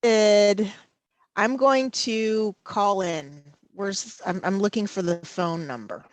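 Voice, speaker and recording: A woman presenting a live safety training webinar over a video call, slow and halting, often pausing to check in with "okay". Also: mid-range voice, dry recording. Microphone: computer mic over video call.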